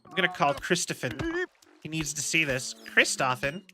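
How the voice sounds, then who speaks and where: A man's voice: fairly high pitch, huge pitch swings, normal speed, pushed and bright, a little hiss or hum. A young man streaming a game, chatting casually in rambling tangents and swearing at his mistakes from his home setup.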